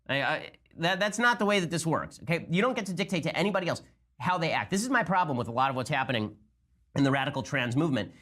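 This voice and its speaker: A man's voice: fairly high pitch, lively intonation, fast talker, a bit bright. A man giving combative political commentary on a clip, arguing hard and tagging points with "okay?". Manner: combative, argumentative, repeats "okay?" for emphasis.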